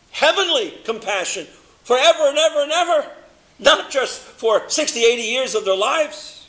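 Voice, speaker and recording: Male preacher with a high, bright voice; dramatic sermon delivery, stretching key words. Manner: dramatic, swings from loud emphasis to low hushed delivery, slows for stress.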